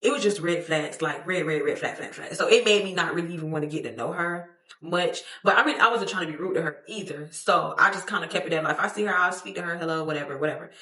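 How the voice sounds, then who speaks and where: Bright-voiced young woman telling a story. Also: on the low side, fast. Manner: expressive, slangy, profane, acts out quotes, laughs often. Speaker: storytime vlogger. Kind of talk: animated storytelling to camera. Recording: echoey room.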